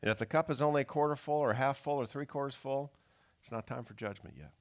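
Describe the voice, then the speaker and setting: A man's voice: medium pitch, quick pace. A man preaching a sermon, reading scripture and acting out its pleading questions with strong expression. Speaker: pastor.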